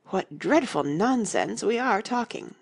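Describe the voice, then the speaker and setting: Woman voicing a well-mannered storybook girl, earnest, husky, bright lift. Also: mid-range voice, animated, a little slow, voice pushed up, full character voice. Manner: earnest, polite, grave. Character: polite, earnest young girl, puzzled and careful.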